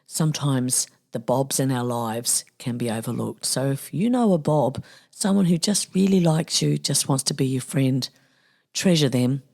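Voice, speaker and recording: On her casual solo podcast, the middle-aged New Zealander talks with a very deep, creaky, warm voice that's expressive yet measured in pace. Her tone stays chatty, joking, and tongue-in-cheek.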